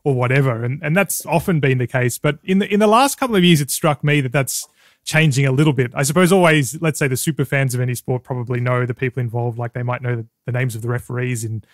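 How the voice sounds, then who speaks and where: Quick-talking podcast host man. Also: mid-range voice, dry recording, clean studio sound. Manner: long, winding questions. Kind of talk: casual interview.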